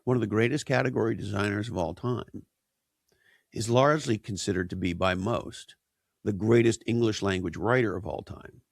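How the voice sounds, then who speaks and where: A man's voice: on the low side, moderate pace, gravelly, dry recording, clean studio sound. A man speaking as an interview guest, emphatic and punchy, tossing out rhetorical questions. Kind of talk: conversational interview.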